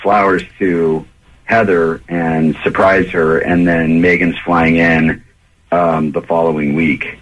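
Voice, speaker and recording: A man on a radio phone call, talking in a halting, stammering, apologetic way. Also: deep voice, level tone. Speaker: caller.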